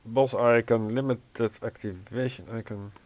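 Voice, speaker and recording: Slow, hesitant man losing his voice. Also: medium pitch, fairly even intonation. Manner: hesitant, many fillers, wry and exasperated. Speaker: board game reviewer. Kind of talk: thinking aloud while reading a rulebook. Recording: dull lo-fi sound with faint noise.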